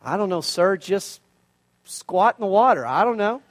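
A man's voice: sits high, expressive, normal speed, voice pushed down. A man preaching, voicing a nervous servant who pleads and coaxes his master. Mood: coaxing. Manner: coaxing, pleading. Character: pleading, timid servant of a commander.

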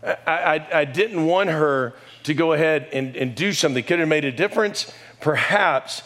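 Middle-aged male pastor, sermon delivery, lively storyteller with a slightly high voice. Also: moderate pace. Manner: animated storytelling with sudden raised exclamations. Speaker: pastor and high school coach.

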